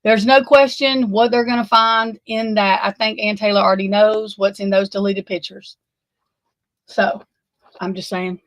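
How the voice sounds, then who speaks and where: A woman talks through a true crime case, shaken and near tears. She stammers, breaks off mid-sentence and swears often. Her voice sits at an ordinary pitch and is recorded close and dry. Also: steady tone, dry recording, poor audio. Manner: distraught, halting, swearing, stammering. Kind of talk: emotional unscripted commentary.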